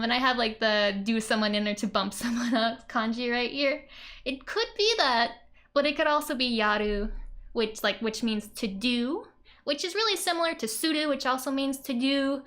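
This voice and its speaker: A woman's voice: on the high side, fairly bright tone. A woman explaining Japanese grammar in a casual lesson, chatty and giggly, with many "like" and "um" fillers. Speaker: Japanese language teacher.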